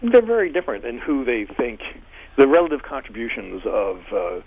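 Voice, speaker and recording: A man giving thoughtful, animated interview answers as a guest, talking in a discursive and emphatic way. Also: mid-range voice, moderate pace. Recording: tinny phone line.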